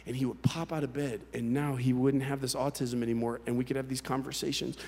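A man's voice: medium pitch, little pitch movement, a little mellow, a little hiss or hum. Candid preacher man in a reverberant hall. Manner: candid, conversational storytelling with halting restarts. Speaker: pastor. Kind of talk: personal testimony sermon.

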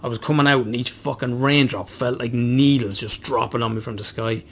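A man's voice: medium pitch, fairly even intonation, fairly quick, a bit bright, a little hiss or hum. Swearing man telling a story. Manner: swears constantly, storytelling, self-deprecating. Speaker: podcast co-host. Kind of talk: casual chat.

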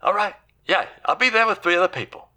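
A man voicing a pushy, shady street fixer with a Cockney-style London accent who talks fast and dodges questions. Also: high voice, bright, forceful tone, pitched above the performer's own voice.

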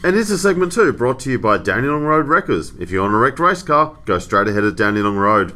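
A man's voice: mid-range voice, very animated, fast talker, sharp tone. An Australian man co-hosting a motorsport podcast, with dry, sarcastic remarks. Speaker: podcast co-host. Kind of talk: casual motorsport chat.

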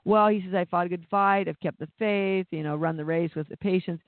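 A high-pitched man delivers an impassioned sermon, doubling back on words as his fervor builds. The sound is dry and narrow, like a phone recording. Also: a little fast, clear, resonant tone, no echo. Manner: impassioned, repeats words when stirred. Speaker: preacher.

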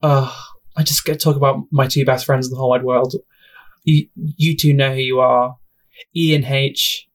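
A young man hosting a casual solo podcast, rambling and self-deprecating, often laughing at himself, talking into a home mic. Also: mid-range voice. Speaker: podcast host.

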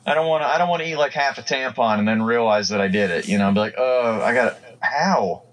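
A man's voice: medium pitch, fairly even intonation, racing, slight background noise, poor audio. A man co-hosting a podcast, rambling through crude jokes in casual chat and laughing often. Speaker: podcast co-host.

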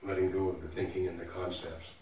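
A man in a group session asking halting questions from across the room. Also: low voice, flat delivery, a little mellow, slight background noise. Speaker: participant. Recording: roomy, far from the mic.

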